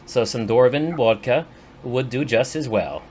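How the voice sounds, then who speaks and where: A man voicing a brisk, businesslike woman, speaking politely and formally in clipped sentences. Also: mid-range voice, darkish tone, a little hiss or hum, natural voice.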